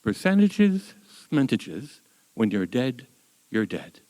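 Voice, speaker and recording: Stern blunt army colonel lecturing curtly, an older man doing the voice on stage, fairly loud. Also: mid-range voice, big pitch swings, slow pace, low-quality recording.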